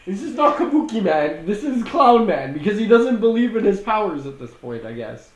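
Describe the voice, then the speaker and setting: A man's voice: sits high, sing-song, moderate pace. A young man co-hosting a podcast, chatting casually and profanely about a film, laughing and acting out scenes. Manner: profane, laughing, acts out scenes in put-on voices. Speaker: podcast co-host. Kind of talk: casual movie-review chat. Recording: echoey room.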